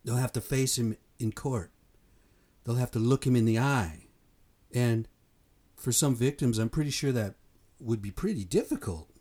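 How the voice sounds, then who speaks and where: A man's voice: medium pitch, normal speed, long pauses, mellow, husky. A man from the United States giving a blunt, fired-up opinion monologue, swearing and repeating himself for emphasis. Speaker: commentator.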